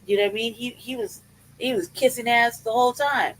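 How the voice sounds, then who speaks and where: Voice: medium pitch, steady tone, fairly quick, a bit bright, slight background noise, rough recording. Podcast host ranting, swears a ton, keeps laughing, regular mid voice. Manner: profane, laughing rant that questions itself. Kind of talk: casual chat.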